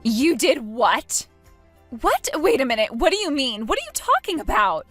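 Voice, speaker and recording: A female narrator puts on the voice of a shrill, entitled young woman whose pitch climbs high and swings wildly as she protests, every line whiny and outraged. The delivery is very animated at a moderate pace, with soft music playing faintly beneath.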